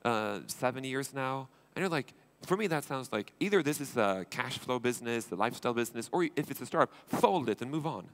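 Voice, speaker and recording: Fast-talking Swedish man on stage. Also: medium pitch, animated, fairly bright tone. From Sweden. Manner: fast, informal, acts out dialogues with quick swearing asides. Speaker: conference speaker, entrepreneur and investor. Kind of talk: conference keynote talk. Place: conference stage.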